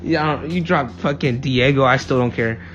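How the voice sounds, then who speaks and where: A man's voice: mid-range voice, moderate pace, a bit bright. A young man telling profane, rambling anecdotes in a casual chat with a friend. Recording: dull lo-fi mic, faint music.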